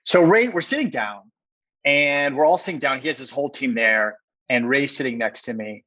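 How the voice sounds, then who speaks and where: A man, a podcast guest, telling a story with excitement in a rambling, conversational way, full of fillers. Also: mid-range voice, moderate pace, poor audio. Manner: excited, rambling, heavy use of "like".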